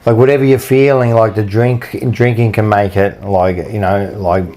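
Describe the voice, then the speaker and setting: A man's voice: lowish voice, fairly even intonation, normal speed, warm tone. A man co-hosting a podcast, talking in a loose, rambling way and often checking in with "you know what I mean". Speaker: podcast co-host. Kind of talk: casual chat.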